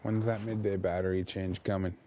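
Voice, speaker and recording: A man with a very deep voice talks in a relaxed, plain-spoken way with a housemate. He is recorded on a clip-on mic in a house, with a faint hiss behind him. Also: brisk. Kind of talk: casual chat. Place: reality show house.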